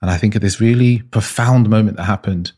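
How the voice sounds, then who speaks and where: A man's voice: fairly low pitch, fairly quick, mellow. A man being interviewed as an intimacy coach, telling personal stories earnestly and restarting often. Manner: earnest, searching, frequent restarts.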